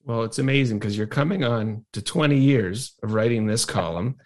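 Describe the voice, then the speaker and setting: A man's voice: mid-range voice, normal speed, darkish tone. A man hosting an interview podcast, asking friendly, curious questions. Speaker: podcast host. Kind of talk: casual interview.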